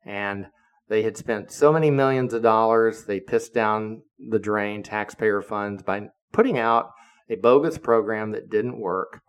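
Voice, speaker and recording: A man of seventy, a podcaster, telling a story in a blunt, profane monologue that turns heated when he quotes himself. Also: medium pitch. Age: 70s.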